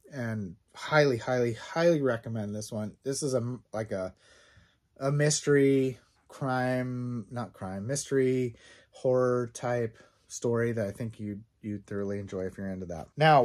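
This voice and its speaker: A man's voice: medium pitch, darkish tone. A man hosting a casual book review vlog, talking enthusiastically and rambling with many fillers and restarts. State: out of breath, sore throat.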